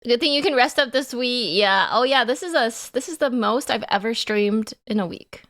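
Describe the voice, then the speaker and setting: Giggly woman streamer, higher voice. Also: normal speed, fairly bright tone. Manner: playful and giggly, chatty. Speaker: livestreamer. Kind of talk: casual livestream chat reading chat.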